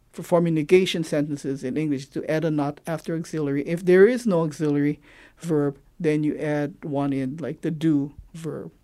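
A man from Hawaii explains the grammar of the local creole, stopping often to hunt for the right example. His voice sits a little high for a man but sounds dark and mellow. He teaches patiently and thoughtfully. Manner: thoughtful, halting, searching for examples.

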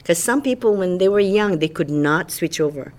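An older woman with a Hawaiian accent chats easily in a fairly low voice. She reminisces about her school days and slips comfortably into pidgin. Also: lively intonation, normal speed, darkish tone. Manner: chatty, switches into pidgin. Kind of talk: reminiscing in a group conversation.

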